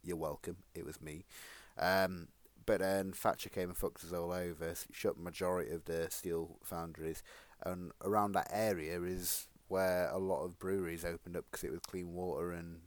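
A man's voice: sits low, level tone, moderate pace. A man, co-hosting a podcast in rambling, crude casual chat full of swearing. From Sheffield, England. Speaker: podcast co-host.

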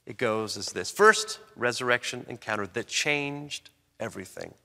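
A man preaching a sermon, reading scripture and then explaining it with emphatic swings in pitch and loudness. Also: animated, normal speed, vocal fry. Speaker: pastor. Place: church sanctuary. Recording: long reverb of a large hall.

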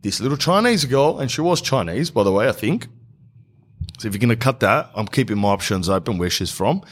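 A man's voice: mid-range voice, expressive, brisk, breathy edge. A man, telling rambling, sarcastic comic stories in a blunt way. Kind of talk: comic storytelling monologue.

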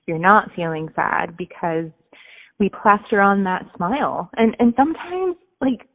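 A woman's voice: medium pitch, very animated, unhurried. A woman podcast host responding reflectively and affirming her guest in conversation. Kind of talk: conversational interview. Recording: tinny phone line with long reverb.

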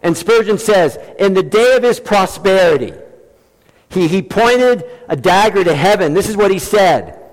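A male pastor preaching a sermon with emphatic delivery, acting out quoted lines in animated voices. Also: high-pitched, normal speed. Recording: long hall reverb.

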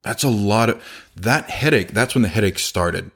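A low-pitched man, chatting casually as a business owner. He tells work stories and slips into the voices of the people he quotes. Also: animated, normal speed, a bit bright. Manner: conversational, acts out quoted dialogue. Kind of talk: casual storytelling talk.

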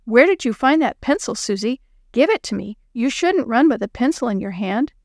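A woman's voice: on the high side, lively intonation, moderate pace, dry recording, clean studio sound. A woman voicing a flustered girl babysitting unruly children, earnest and exasperated.

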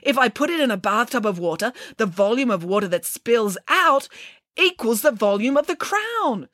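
A woman voicing an excitable, scatterbrained female ancient scientist in a storybook reading, squealing high and breathless with excitement. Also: normal speed, no room sound, studio quality. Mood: excited.

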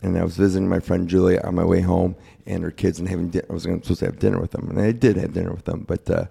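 A man's voice: deep voice, flat delivery, rapid-fire, gravelly, dark tone, slightly rough. A young man speaking candidly and plainly in a casual interview, recounting his own experience. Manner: candid, plain-spoken, quotes others in his retelling. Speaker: guest sharing his cancer story.

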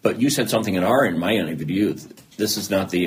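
Deep-voiced Midwestern man telling his story. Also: fairly quick, a little hiss or hum. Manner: animated, acts out both sides of quoted dialogue. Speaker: interviewed guest, TV news anchor. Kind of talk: candid personal storytelling.

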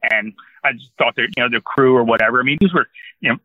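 A man's voice: mid-range voice, fast, no room sound, narrow, tinny audio. A man in his sixties from New Jersey, a guest telling a long rambling anecdote in casual conversation. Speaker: interview guest. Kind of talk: casual storytelling.

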